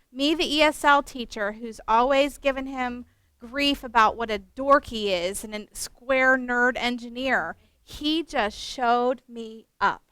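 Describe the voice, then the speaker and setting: A middle-aged woman from West Virginia, a teacher trainer telling a story at a workshop, animated with self-mocking humor. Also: high voice, smooth, no echo.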